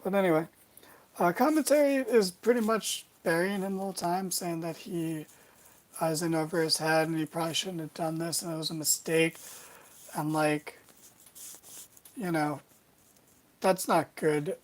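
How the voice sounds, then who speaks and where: A woman's voice: on the low side, normal speed, long pauses, low-quality recording. A woman hosting a casual wrestling recap, rambling along with wry, sarcastic asides.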